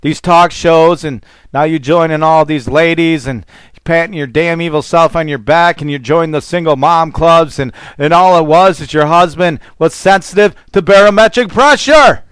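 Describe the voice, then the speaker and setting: A man's voice: a little high, normal speed, fairly bright tone, smooth, no echo. A man preaching as a pastor, fervent and rambling, with call-and-response exclamations to his listeners. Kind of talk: preaching sermon.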